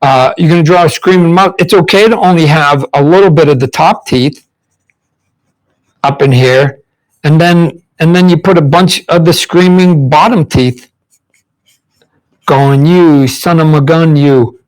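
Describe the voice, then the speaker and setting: A man with a somewhat high voice talks through a live drawing lesson while he sketches. He rambles, restarts and repeats words, and he acts out mouth sounds to show what he means. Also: a little slow, pauses often, low-quality recording. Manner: demonstrates mouth sounds and faces. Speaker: comic book artist teaching drawing. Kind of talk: casual live drawing demonstration.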